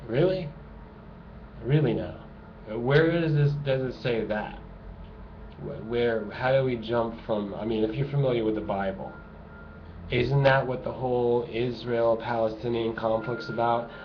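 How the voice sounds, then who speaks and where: A man's voice: medium pitch, a little slow. Ranting man on a lo-fi recording. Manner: sarcastic, emphatic, repetitive. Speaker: video blogger. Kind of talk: ranting monologue to camera. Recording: dull lo-fi home recording with noise.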